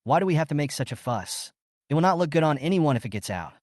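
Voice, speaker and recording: A man voicing a spiteful young woman who turns sharp and defensive, with a lively delivery. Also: on the high side, fast talker, dry recording, clean studio sound, pitched above the performer's own voice.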